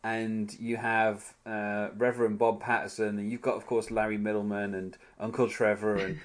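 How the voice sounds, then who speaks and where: A man's voice: lowish voice, little pitch movement, moderate pace. A man co-hosting a podcast, chatting casually through an episode recap, rambling with lots of fillers and restarts. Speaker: podcast co-host.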